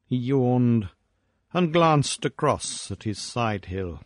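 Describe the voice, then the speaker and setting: A man reading a classic story aloud in a slow, measured voice. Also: medium pitch, expressive, no room sound, clean studio sound. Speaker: audiobook reader. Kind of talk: scripted narration of a classic story.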